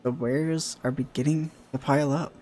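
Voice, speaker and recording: A man's voice: on the high side, steady tone, moderate pace, a little mellow, close to an everyday voice. A man voicing a tired, hungry male stock taker from a game, reading the lines in a plodding way with restarts. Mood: weary. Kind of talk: reading game dialogue aloud.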